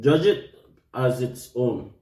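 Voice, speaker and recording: A man's voice: medium pitch, expressive, slow pace, vocal fry, warm tone. Jamaican man vlogging in an echoey room. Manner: chatty, laughing while chewing. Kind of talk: casual food-tasting chat.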